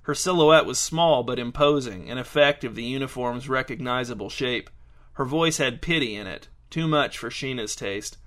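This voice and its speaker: Deadpan male story narrator. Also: medium pitch, moderate pace. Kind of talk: audiobook narration.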